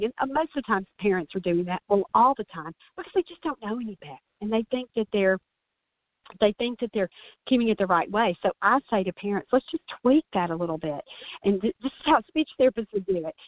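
A woman's voice: a little high, lively intonation, fairly quick, no echo. A woman speech-language pathologist hosting a podcast, explaining things to parents in an earnest, coaching way and often restarting her sentences. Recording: dry, phone-like narrow sound.

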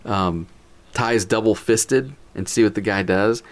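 A man with a lowish voice tells a funny story at an unhurried pace. He's animated, acting out the quotes and laughing as he goes.

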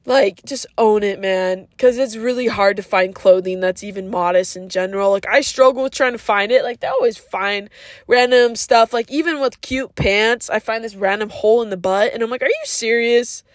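This podcast host, a woman, talks at normal speed in a mid-range voice, giving a casual, earnest and preachy monologue. Frequent "like" fillers and slang such as "yo" and "bro" run throughout. The recording is studio quality with no echo.

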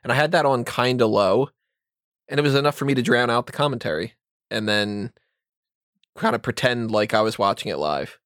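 A man chats on his podcast in an easygoing, animated way, sometimes slipping into mocking impressions. His voice sits at an ordinary pitch. The sound is dry and close, with no room around it. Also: brisk, dry recording. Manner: animated, mimics other commentators' voices. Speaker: podcast co-host. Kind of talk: casual podcast chat.

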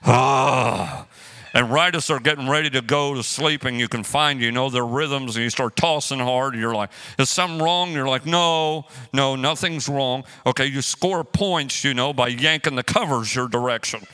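A man's voice: medium pitch, moderate pace. A man preaching a sermon as pastor, joking and acting out everyday quarrels as he teaches. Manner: animated, joking storyteller who acts out quotes.

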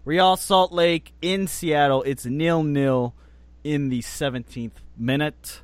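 A man's voice: fairly high pitch, slow pace, clear, resonant tone, no room sound. A man hosting a casual soccer podcast, playful and teasing with his co-hosts. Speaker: podcast host. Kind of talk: casual chat.

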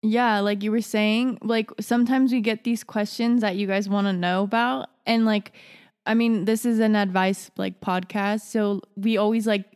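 A woman's voice: medium pitch, steady tone, moderate pace, darkish tone, clean tone, long reverb tail. A young woman co-hosting an advice podcast, rambling casually with many restarts. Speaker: podcast co-host. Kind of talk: casual chat.

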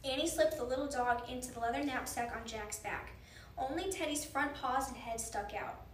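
A woman reading a children's book aloud in an expressive, animated way. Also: high-pitched, moderate pace. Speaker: storyteller. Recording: roomy, distant mic, faint noise.

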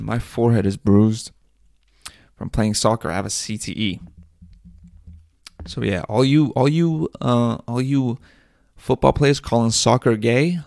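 Young dude ranting on his podcast, kinda gravelly, dry close sound, crude jokes. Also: lowish voice, no echo. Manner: crude, joking, rambling, laughs at own jokes. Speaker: podcast host. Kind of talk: casual solo podcast rant.

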